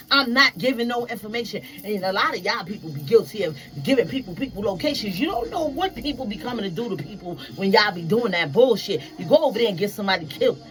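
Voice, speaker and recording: A woman telling stories casually to her viewers, profane and animated, acting out the voices of people she quotes. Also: on the high side, rough recording.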